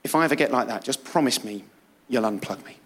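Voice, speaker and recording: A man voicing a gloomy middle-aged father who speaks low and solemnly. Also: animated, quick pace, slight background noise, close to an everyday voice. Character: gloomy middle-aged dad, grave and morbid.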